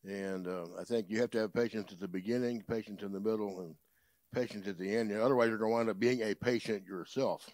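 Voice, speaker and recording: A man speaking as a guest in a casual chat, measured and unhurried, with playful wordplay. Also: on the low side, fairly even intonation, darkish tone, dry recording. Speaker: guest musician.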